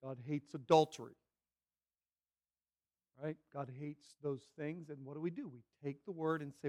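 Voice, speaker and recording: A man preaching a sermon as pastor, animated and acting out characters' voices as he teaches. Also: a little high, normal speed, long pauses.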